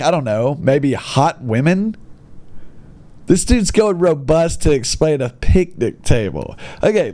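A man doing sarcastic comedic commentary, pitch swinging widely as he mocks what he reads. He talks slowly, in an exasperated and incredulous tone. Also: a little mellow. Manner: exasperated, mocking, mild bleeped-style cursing. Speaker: comedic commentator reading online posts.

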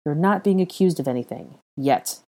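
A woman's voice: low-pitched, lively intonation, moderate pace, mellow. A woman reading aloud, voicing a blunt young wizard investigator who speaks firmly and presses for answers. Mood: stern. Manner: firm, blunt and demanding.

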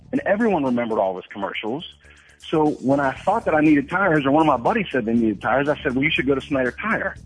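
A man's voice: a little high, slightly rough. A man from the Ohio Valley, a guest on a radio talk show, speaking energetically, repeating words and acting out little dialogues. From Ohio Valley, USA. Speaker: guest sales expert. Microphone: telephone. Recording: tinny dry phone line.

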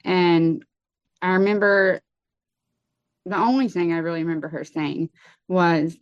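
Brief: woman guest, lower voice, hesitant testimony, dry lo-fi recording. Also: fairly even intonation, smooth, no echo. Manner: halting, many fillers and restarts. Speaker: guest telling her story. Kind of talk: personal testimony in an interview. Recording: dull lo-fi sound.

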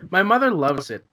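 A man's voice: high-pitched, pushed and bright. A young man co-hosting a casual podcast, laughing often and stumbling over restarts. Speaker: podcast co-host. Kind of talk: casual chat.

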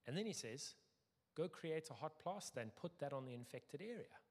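A middle-aged man preaching a sermon as pastor, lively, acting out quoted voices with sudden jumps in pitch. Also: normal speed. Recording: long hall reverb.

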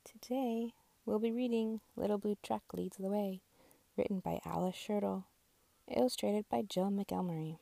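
A mother reading a children's picture book aloud, slow and expressive with a sing-song lilt. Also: medium pitch, gravelly. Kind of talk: storybook read-aloud.

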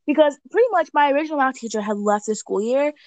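A woman guest on a podcast chatting casually, animated and laughing often as she acts out quotes. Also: high-pitched, fast, dry recording. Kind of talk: casual chat.

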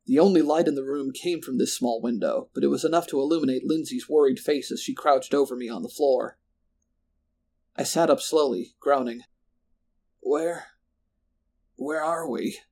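A man reading a first-person horror story in a measured, descriptive way. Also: medium pitch, a little mellow. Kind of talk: scripted horror narration.

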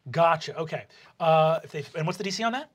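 A man running a tabletop game as game master, narrating in a quick, chatty way with lots of fillers. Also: a little high, lively intonation, muffled recording.

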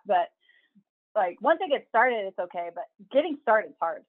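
A woman's voice: on the high side, brisk. A woman co-hosting a casual chat, upbeat and easygoing, calling in from somewhere else. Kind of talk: casual chat over a call. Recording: tinny phone-line sound.

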